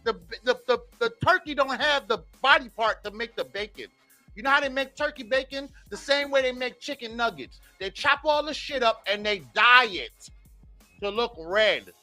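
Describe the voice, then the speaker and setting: A man co-hosting a morning radio show, ranting comedically and swinging from loud outbursts to low mutters. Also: lively intonation, normal speed, faint music behind. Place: radio studio. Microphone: studio microphone.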